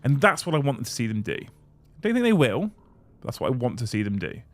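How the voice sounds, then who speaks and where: A man's voice: mid-range voice, very animated, quick pace, no echo. A man hosting a casual livestream, ranting bluntly and swearing as he reads viewer messages. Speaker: streamer host reading super chats.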